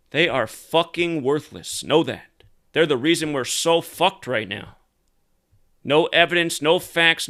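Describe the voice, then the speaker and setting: Male commentary host, angry profane rants, slightly high, crisp voice. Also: bright, forceful tone. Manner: angry, profane, emphatic ranting. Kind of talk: ranting solo commentary.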